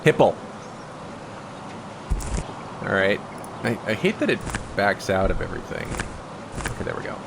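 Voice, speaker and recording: A man's voice: deep voice, big pitch swings, a little fast, gravelly, background noise. A man casually commenting as he plays a game, reading on-screen text aloud. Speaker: let's-play host.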